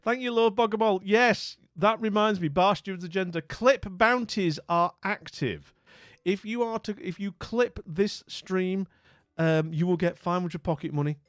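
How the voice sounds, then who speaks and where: A man's voice: high-pitched, a little slow, no echo, faint music behind. Chatty northern English man, dry sound. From northern England. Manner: chatty and rambling, with many restarts and friendly greetings. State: a bit weak after being ill. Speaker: streamer. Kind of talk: casual live-stream chat.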